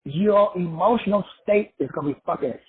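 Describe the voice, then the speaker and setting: A man with a high, deeply raspy voice delivers a profane motivational lecture to a group call, hammering points home with repetition. He drags out key words slowly for emphasis. The sound comes through thin, phone-like call audio. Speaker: motivational teacher.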